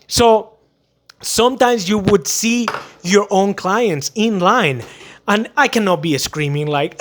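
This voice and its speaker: A man with a notably high speaking voice gives casual, emphatic advice about selling and customer service. He talks in an animated way, often slipping into little acted-out scenes to make his point. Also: measured pace. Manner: animated, acts out quotes, emphatic. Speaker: vlogger giving sales advice.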